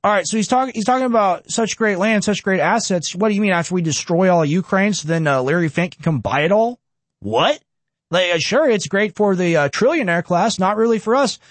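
A man hosting a political reaction show who pauses clips to rant sarcastically. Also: high voice, dry recording. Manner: sarcastic, ranting. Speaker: host.

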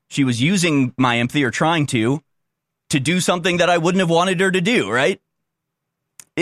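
A man's voice: on the high side, fairly bright tone, dry recording, clean studio sound. A man giving blunt, combative opinion commentary on a clip he is playing, insulting those he disagrees with.

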